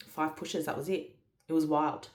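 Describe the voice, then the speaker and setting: With a deep voice in a reverberant space, a woman vlogger chats her way through a story, casually dropping in plenty of fillers and quoted dialogue.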